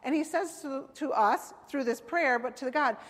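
A woman delivers a sermon in a fairly high voice, talking to the congregation as if in conversation and checking in with them as she goes. Her voice rings out through a church hall with a long reverb. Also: normal speed. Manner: conversational preaching, asking "right?" and "amen?". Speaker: preacher.

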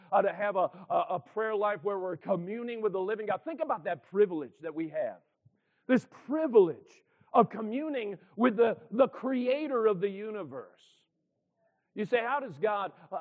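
A man in his fifties or sixties preaching a sermon in church, earnest and emphatic, asking the congregation for responses. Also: high voice. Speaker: pastor. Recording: tinny phone-like sound.

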